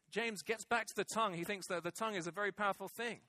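A man's voice: high voice, fast, pushed and bright, no echo. A middle-aged male pastor preaching a sermon, emphatic and repeating key phrases for weight. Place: church hall with congregation.

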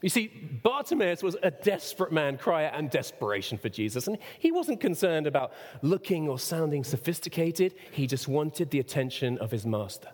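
A man preaching a sermon, who asks the congregation questions and sometimes breaks into a shout. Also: on the high side, normal speed, few pauses. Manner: expressive preaching, rhetorical questions, sudden shouts. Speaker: pastor. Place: church. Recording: long reverb of a church hall.

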